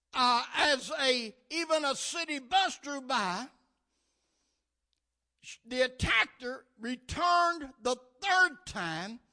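High, bright-voiced preaching man. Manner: preaching with rising bursts and calls of amen. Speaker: pastor. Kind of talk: sermon.

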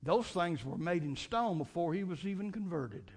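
A man's voice: high voice, expressive, moderate pace, a little mellow, breathy edge. A man preaching a fervent Sunday night sermon, repeating and restarting phrases as he builds his points.

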